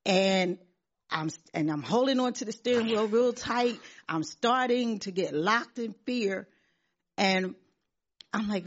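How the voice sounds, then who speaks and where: A woman's voice: mid-range voice, takes it slowly. A middle-aged woman giving an earnest church testimony, often repeating herself and laughing as she talks. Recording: dull lo-fi sound.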